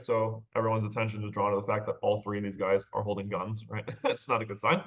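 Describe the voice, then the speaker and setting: This male literature teacher speaks fast in a lowish, slightly bright voice with fairly even intonation. His recorded lecture on a short story is casual and conversational, punctuated by light laughs and rhetorical check-ins like "right?" and "okay?"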